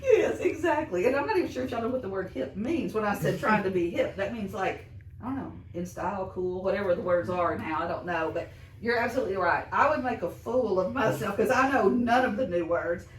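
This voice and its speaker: A woman's voice: mid-range voice, a little fast. A middle-aged woman hosting a casual interview with students, chatty and encouraging, laughing often. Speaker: interviewer, school staff host. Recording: echoey room, mic from a distance, faint noise.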